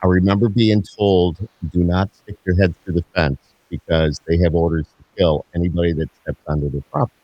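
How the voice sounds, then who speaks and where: A man hosting a podcast, relaxed and amused as he tells stories. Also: low-pitched, brisk, few pauses, dull audio, slight background noise. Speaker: podcast host. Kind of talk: casual chat.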